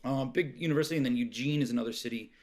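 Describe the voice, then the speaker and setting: A man's voice: mid-range voice, rapid-fire, a little mellow, slight background noise. Rambling middle-aged man, podcast guest. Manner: rambling, many restarts and fillers. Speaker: podcast guest, restaurant owner. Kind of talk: casual interview chat. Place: Oregon home.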